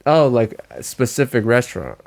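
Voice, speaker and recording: A man co-hosting a podcast in casual chat, telling stories with lively quoted voices. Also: normal speed, gravelly. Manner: animated storytelling, acts out quotes with big pitch jumps. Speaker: podcast co-host.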